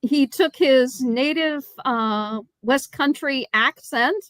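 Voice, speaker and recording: A woman co-hosting a podcast, informative and analytical, speaking in a measured casual chat about an old film. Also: high voice, a bit bright. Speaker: podcast co-host. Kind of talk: casual movie review chat.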